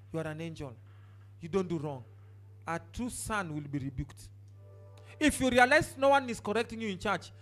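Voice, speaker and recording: During his sermon, a pastor with a high-sitting voice alternates shouted outbursts with quiet asides. He also tells the congregation to turn to their neighbors.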